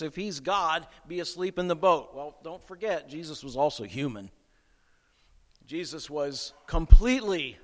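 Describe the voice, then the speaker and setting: A man's voice: a little high, bright, forceful tone, big-room sound. A man preaching a sermon as pastor, conversational and emphatic, with chuckles along the way.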